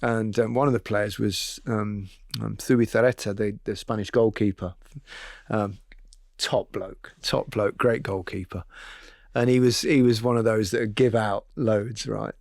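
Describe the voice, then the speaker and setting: A man hosting a casual chat, telling stories in a relaxed way and laughing easily. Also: fairly low pitch, a little slow, gravelly, no echo, clean studio sound. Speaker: podcast host.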